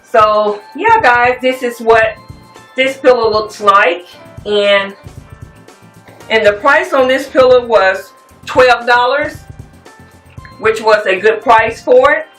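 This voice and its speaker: Speaking slowly and pausing often, a woman with a somewhat high voice rambles casually while showing off home decor finds to her viewers. The mic sits far away in an echoey room, and soft music plays underneath this easygoing show-and-tell.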